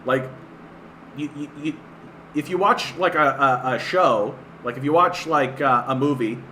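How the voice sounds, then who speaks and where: Canadian male streamer, bright voice, scornful filler-heavy rant. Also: medium pitch, measured pace, a little hiss or hum. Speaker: livestream host. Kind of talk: ranting political commentary.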